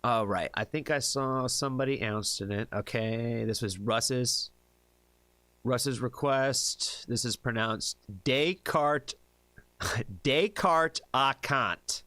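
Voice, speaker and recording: A man's voice: mid-range voice, steady tone, takes it slowly, fairly bright tone, no room sound. A man from the United States hosting a casual livestream, chatty, laughing often and tripping over hard names. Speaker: livestream reaction host.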